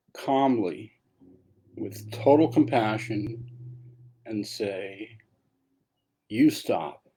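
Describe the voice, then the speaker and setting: A man's voice: on the low side, warm tone, slightly rough. A man giving a dharma talk as a meditation teacher, telling a story in a casual way with asides.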